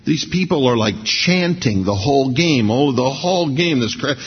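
A middle-aged man preaching a sermon in a conversational, storytelling way, slowing down to read scripture. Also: medium pitch, expressive, husky. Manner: conversational, anecdotal, slows down for scripture reading. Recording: dull lo-fi sermon recording.

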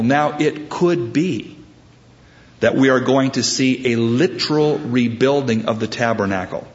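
A male preacher teaches from scripture in an easy, conversational style and often restarts his phrases. His voice sits at an ordinary mid pitch. The recording sounds dull and somewhat muffled. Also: measured pace. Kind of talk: sermon.

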